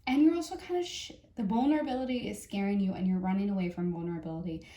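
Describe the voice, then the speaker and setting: A woman giving a casual tarot reading in a chatty, halting way, full of fillers and restarts. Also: medium pitch, mellow, echoey room. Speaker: tarot reader.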